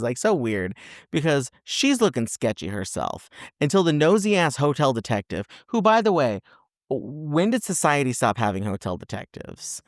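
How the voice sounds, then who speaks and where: A man in his podcast setup tells a film plot with lively, exaggerated character voices thrown in. His voice sits mid-pitch, and the dry, close recording leaves no room sound around him. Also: dry recording. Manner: animated storyteller, acts out characters with exaggerated voices. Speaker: podcast co-host. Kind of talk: casual film review chat.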